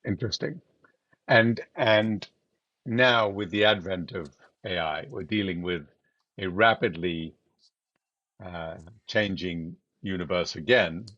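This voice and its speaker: A man hosting an interview, asking questions in measured, brief prompts. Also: low-pitched, pushed and bright, no echo. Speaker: interview host. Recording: dry, dull lo-fi mic.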